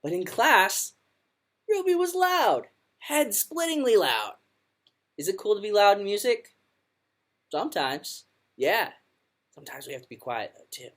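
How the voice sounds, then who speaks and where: A woman music teacher reading a children's picture book aloud to her class in an expressive storytelling manner. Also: medium pitch, measured pace, long pauses.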